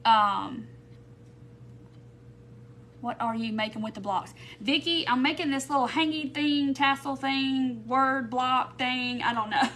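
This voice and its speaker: A woman's voice: high voice, slow, fairly bright tone, slight background noise. A woman hosting a live craft stream, rambling and thinking aloud as she works and greets viewers by name. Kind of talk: casual craft tutorial chat. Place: home craft room.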